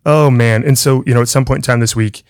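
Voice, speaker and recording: A man's voice: medium pitch, steady tone, fast talker, a little mellow, clean tone, no room sound. A middle-aged man hosting a podcast, telling a story in casual chat, laughing often and acting out the voices in it. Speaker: podcast host.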